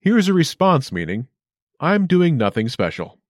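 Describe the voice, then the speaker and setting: Guy hosting a language lesson, clear and upbeat, bouncy intonation, dry close sound. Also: on the high side, very animated, a little slow, dry recording. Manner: clear, upbeat instructional delivery. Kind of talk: scripted lesson narration.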